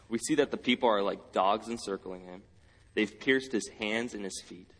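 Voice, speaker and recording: Male preacher, husky voice, earnest sermon, slow scripture reading, long hall reverb. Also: a bit bright. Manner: earnest, reads scripture slowly, rises in pitch when quoting cries.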